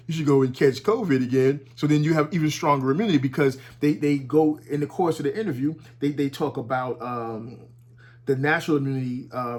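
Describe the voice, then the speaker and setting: A man giving casual, animated commentary at home, talking with heavy profanity and frequent restarts. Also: medium pitch. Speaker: commentary vlogger. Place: at home with his dog nearby.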